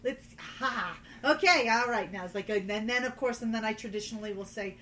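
A woman's voice: a little high, normal speed, hardly any pauses, a little hiss or hum. A woman chatting playfully as a player about her tabletop game character. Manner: animated, playful. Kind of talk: casual chat.

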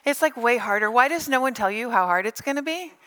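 A middle-aged woman pastor giving a sermon, animated and playful, telling stories with funny asides. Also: on the high side, quick pace.

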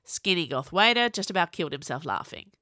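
Woman author narrating her novelette, wry and lively, lowish voice, close dry podcast mic. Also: brisk, dry recording. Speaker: author reading her own fiction. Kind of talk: audiobook story narration.

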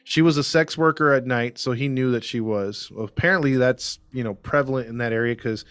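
A man's voice: medium pitch, fairly quick, fairly bright tone, clear, resonant tone, no echo. Man telling a true-crime story casually. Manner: storytelling with many fillers and restarts. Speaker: podcast co-host.

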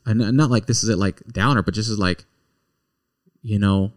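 A man's voice: lowish voice, normal speed. A middle-aged man from Kentucky chatting casually with his wife, telling stories in a rambling, self-correcting way. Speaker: podcast co-host, husband. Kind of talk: casual chat.

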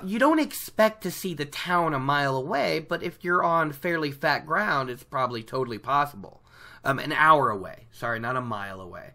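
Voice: mid-range voice, sharp tone. A speaker casually recapping a book chapter from home, chatty and rambling, often correcting themselves mid-sentence. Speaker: book reader discussing a chapter. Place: at home by a laptop.

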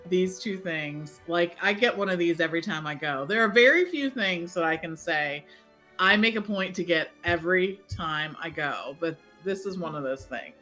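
A woman's voice: lowish voice, normal speed, bright, forceful tone, soft background music. A woman co-hosting a podcast, giving enthusiastic recommendations in casual chat. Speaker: podcast co-host.

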